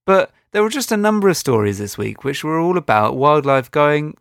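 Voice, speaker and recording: A man's voice: fairly high pitch, lively intonation, normal speed, vocal fry, few pauses, a bit bright, no room sound. A man co-hosting a comedic chat show, talking in a wry, dry and hesitant manner. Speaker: podcast co-host.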